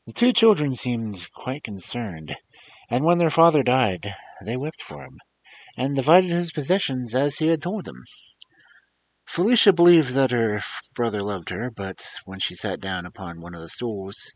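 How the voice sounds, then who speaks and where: A man reading fairy tales aloud as a storyteller, expressive and theatrical, with chatty asides to his listeners, on a desk microphone. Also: mid-range voice, moderate pace.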